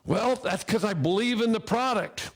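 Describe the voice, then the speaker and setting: Middle-aged male speaker, high-pitched, lively anecdotal delivery on workplace safety. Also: normal speed. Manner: animated storyteller who acts out dialogue. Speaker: fall protection equipment speaker. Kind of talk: personal story told to an audience.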